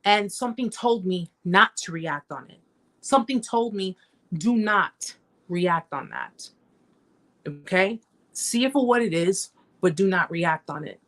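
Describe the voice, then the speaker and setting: A middle-aged woman hosting a survivor support live chat tells her own story in an emotional livestream, speaking emphatically, repeating herself, and often addressing her viewers directly. Her voice is mid-range with lively intonation, at a moderate pace.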